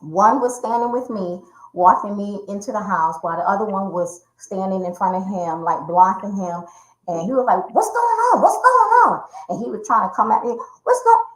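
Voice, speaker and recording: A woman's voice: medium pitch, brisk. A woman guest in an interview telling a personal story and acting out the voices she quotes. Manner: vivid retelling that acts out quoted voices. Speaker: interview guest, domestic violence survivor and speaker. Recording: roomy echo.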